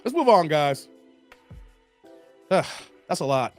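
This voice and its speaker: A man with a high, lively voice holds forth on his livestream, blunt and animated as he talks straight to his chat. Faint music sits quietly under his voice. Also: slow, pauses often. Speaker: livestream host. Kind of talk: casual livestream commentary.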